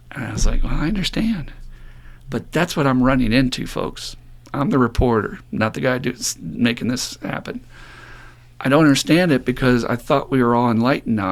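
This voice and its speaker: A middle-aged man co-hosting a podcast, talking bluntly with plenty of swearing and acting out the voices of the people he describes. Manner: blunt, profane, animated storytelling; acts out quoted voices in a raised pitch. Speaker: podcast co-host. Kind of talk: casual podcast talk.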